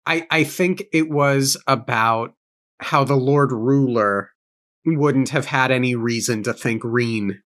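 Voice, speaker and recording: A man's voice: mid-range voice, slow, fairly bright tone. A man co-hosting a book-club podcast, reading aloud and musing in a thoughtful, self-correcting way. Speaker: podcast co-host.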